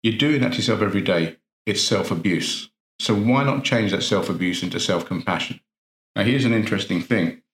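Earnest low-voiced man coaching. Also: brisk, fairly bright tone. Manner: earnest, rhetorical questions, repeats phrases for emphasis. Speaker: NLP practitioner and coach. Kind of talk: motivational talk. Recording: roomy echo.

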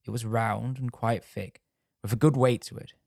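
A man reading a scripted true-crime story in a measured storytelling manner. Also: medium pitch, fairly even intonation, creaky, darkish tone, no room sound, clean studio sound. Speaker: narrator.

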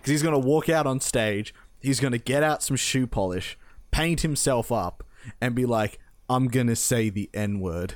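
A man's voice: medium pitch, moderate pace. A man co-hosting a casual gaming podcast, passing on news with wry, crude jokes. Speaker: podcast co-host.

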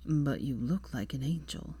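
A woman voicing a tired, injured young man, speaking softly and low in a breathy hush, in a storybook reading. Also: unhurried, heavily acted. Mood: groggy tired.

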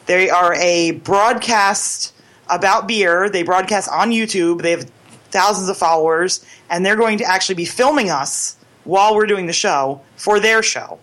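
A woman's voice: mid-range voice, moderate pace, a bit bright. A woman co-hosting a casual beer radio show, laughing and announcing upcoming guests. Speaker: co-host.

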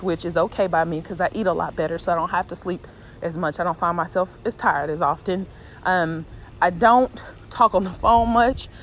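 A woman's voice: on the low side, slight background noise. A woman hosting her own podcast, speaking in an earnest, reflective way and repeating phrases for emphasis in a casual faith-based motivational talk. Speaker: podcast host and writer.

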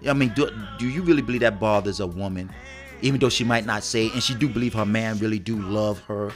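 Animated low-voiced man co-hosting. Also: fast, soft background music. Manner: animated, acts out quotes with big pitch jumps. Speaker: podcast co-host. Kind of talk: casual relationship talk.

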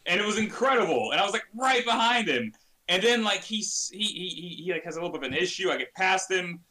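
A man telling racing stories in casual chat, rambling and restarting his sentences when excited. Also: high-pitched, fairly quick. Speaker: sim racing podcast guest. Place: home sim racing setup.

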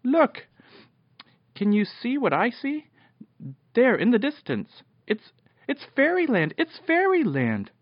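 Man voicing a shouting excited boy, storybook bedtime reading, high and lively. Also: slow pace, pauses often, no room sound, heavily acted. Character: frightened young boy on a flying adventure. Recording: dull dry lo-fi recording.

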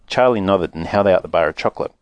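Guy reading a kids book, expressive, low voice, dry close sound. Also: fast talker, smooth, no echo. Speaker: audiobook narrator. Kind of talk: storybook narration.

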